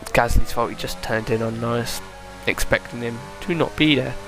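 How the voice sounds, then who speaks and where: A man's voice: medium pitch, moderate pace, music in the background. A young man giving casual, chatty commentary over a racing game replay, thinking aloud and correcting himself. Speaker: gaming video creator.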